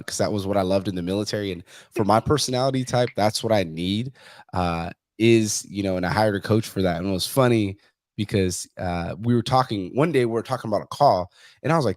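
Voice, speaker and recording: Low-voiced, blunt, profane man. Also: fairly quick, a little mellow, no room sound, clean studio sound. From Mexican heritage. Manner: blunt, profane, storytelling with quoted asides. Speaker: fitness coach, guest. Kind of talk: casual interview chat.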